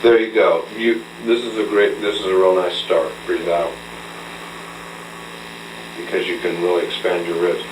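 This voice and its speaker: A male vocal coach talks a student through a hands-on breathing lesson, patient and instructive. His voice sits low. The old recording is roomy and faintly humming, with the mic set some way off. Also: flat delivery, moderate pace, pauses often. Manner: patient, instructive, checks in with frequent "okay?". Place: room with a mirror. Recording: roomy, distant, faint hum, old tape.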